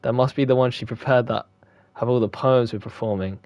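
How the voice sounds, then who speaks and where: A man's voice: medium pitch, steady tone, brisk, no echo, lo-fi sound. Young man reading game text. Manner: reads game lines aloud, swears freely. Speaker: gaming streamer. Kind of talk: reading visual novel text aloud.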